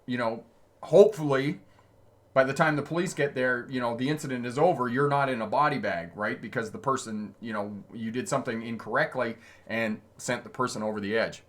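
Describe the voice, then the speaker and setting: In a brisk, medium-pitched voice, a driving instructor who runs a channel chats his way through a laid-back livestream. He shares stories from the road, answers viewers' comments, and laughs often as he talks, even mid-sentence.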